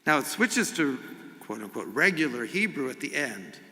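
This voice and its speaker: A man's voice: mid-range voice, sing-song, normal speed, bright, forceful tone. A middle-aged man, a rabbi giving an informal sermon in a synagogue, speaking conversationally with humor and asides. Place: synagogue sanctuary. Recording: long reverb of a sanctuary.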